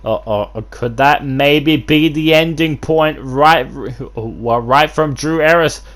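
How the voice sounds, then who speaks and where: Male wrestling commentator, a bit high-pitched; filler-heavy, rambling calls with bursts of excitement. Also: takes it slowly. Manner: rambling, constant fillers and restarts, bursts of hype. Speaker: host and play-by-play commentator.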